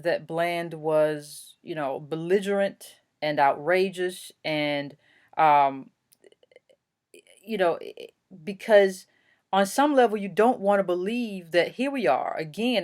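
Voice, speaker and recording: A woman's voice: on the low side, a little mellow. A woman hosting her own commentary vlog, talking emphatically and indignantly, with many fillers and restarts. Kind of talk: opinion commentary to camera.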